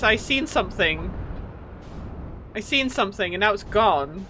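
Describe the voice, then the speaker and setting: A woman's voice: medium pitch, unhurried, pauses often. A woman streamer chatting casually as she plays, thinking aloud and getting flustered. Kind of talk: casual live gameplay commentary. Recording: steady background noise.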